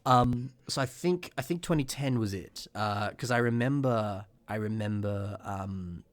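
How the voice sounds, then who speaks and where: A young man in his twenties with a somewhat low voice, talking casually on a podcast. He rambles through long stories, acts out the things people said, and keeps clearing a rough morning throat. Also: a little slow. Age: 20s. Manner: rambling storyteller who acts out remembered quotes. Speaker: podcast co-host. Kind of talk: casual chat.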